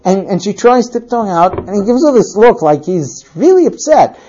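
A woman telling a lively story as part of a talk. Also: mid-range voice, normal speed, a little hiss or hum. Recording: dull lo-fi recording.

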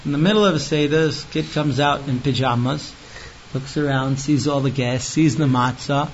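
High-pitched guy teaching a text, rattles off the hebrew then explains it, muffled lo-fi sound. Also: fairly bright tone, slight background noise. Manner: chants the Hebrew quickly, then explains it in plain talk; emphatic, talks straight to the listener. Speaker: Torah teacher.

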